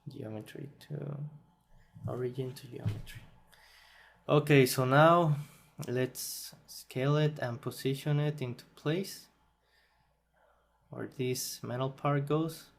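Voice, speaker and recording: Man not a native english speaker doing a screen tutorial, slow and tired, mid pitch, mutters and fixes himself as he goes. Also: steady tone, creaky. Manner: slow, thinking aloud, self-correcting, laughs at himself. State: yawning, tired. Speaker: tutorial host. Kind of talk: screen-recorded software tutorial.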